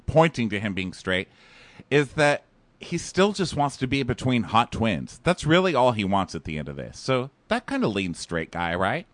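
A man's voice: medium pitch, very animated, moderate pace, a bit bright, no room sound. A man co-hosting a podcast, chatting casually and jokingly about a reality show and acting out quotes. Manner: joking, acts out quotes in put-on voices. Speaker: podcast co-host. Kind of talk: casual show recap chat.

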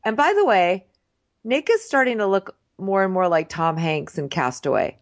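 A woman's voice: mid-range voice, expressive, normal speed, dry recording, clean studio sound. Sarcastic, profane woman riffing. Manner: profane, sarcastic, fills talk with "like". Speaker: podcast co-host. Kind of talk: casual comedic recap.

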